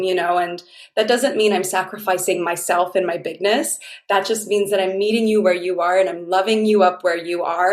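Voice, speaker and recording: Effusive woman in a roomy echo. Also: mid-range voice. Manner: effusive, heartfelt, rambling storytelling. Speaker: guest, dating mentor. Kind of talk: casual interview chat.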